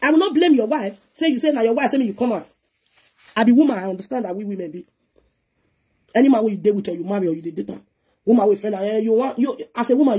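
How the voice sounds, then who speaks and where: A woman's voice: mid-range voice, warm tone, slightly rough. A woman with a Nigerian Pidgin accent, giving a heated, scolding live-stream rant as a presenter, switching between pidgin and English.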